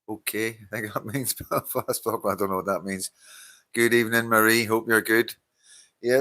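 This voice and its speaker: A man's voice: low-pitched, bright, forceful tone, no echo. Tired, swearing Northern Irish man. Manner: swears freely, greets viewers by name, laughs often. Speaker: livestream host reading viewer comments. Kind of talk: casual live-stream chat.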